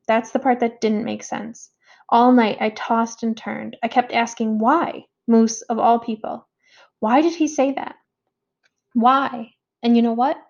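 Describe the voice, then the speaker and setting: Quiet, steady mother voiced by a woman reader, gravelly edge, slightly raised pitch, dull lo-fi sound. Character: calm, tearful mother speaking to her son.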